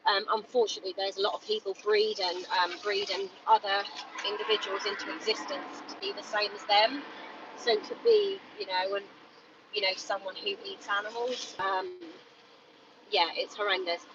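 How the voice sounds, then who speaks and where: A woman's voice: medium pitch, normal speed. Angry woman ranting at a street protest. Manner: angry, ranting with many fillers and repeats. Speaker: animal rights protester. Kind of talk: live-streamed street protest vlog. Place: outdoors outside a shop on a street. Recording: dull phone audio, distant, loud street noise.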